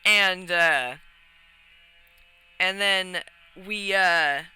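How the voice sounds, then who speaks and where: Bright, rambly woman storyteller. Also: on the low side, extremely slow, clear, resonant tone, poor audio. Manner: rambly, many fillers and restarts, laughs while telling. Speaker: podcast host. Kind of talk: casual storytelling about a tabletop game.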